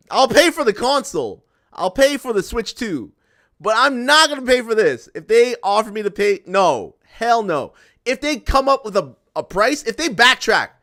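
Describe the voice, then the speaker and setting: A young man with a high, slightly bright voice streams and chats to his viewers. He rants in an exasperated, casual way, repeating himself and swearing.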